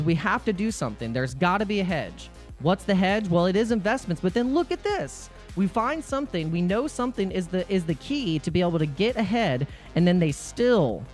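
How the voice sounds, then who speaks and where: A man hosting a crypto live stream, talking in an excitable, rambling rant full of restarts. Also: high voice.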